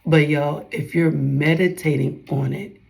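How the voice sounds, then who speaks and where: A woman's voice: low-pitched, fairly even intonation, unhurried, gravelly, a little mellow, low-quality recording. A young woman giving a casual devotional talk to her followers, chatty and calling out to her viewers, acting out others' voices as she retells talks. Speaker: faith vlogger.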